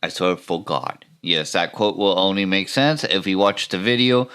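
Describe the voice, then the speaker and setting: A man's voice: sits low, moderate pace, fairly bright tone, clear, resonant tone. A man hosting a podcast, ranting about retail work in a wry, self-mocking way with rambling asides. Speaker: podcast host. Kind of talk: comedic retail-work rant and video reactions.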